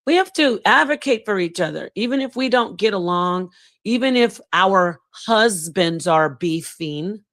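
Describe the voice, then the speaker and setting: A woman's voice: mid-range voice, expressive, a little slow, a bit bright, dry recording. A woman hosting a casual livestream, talking in an emphatic, scolding way. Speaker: livestream host.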